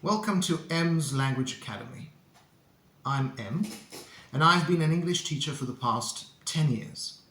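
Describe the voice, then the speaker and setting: A man teaching English pronunciation to camera, speaking deliberately and repeating words for learners to copy. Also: on the high side, lively intonation, sharp tone, slight background noise. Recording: echoey room.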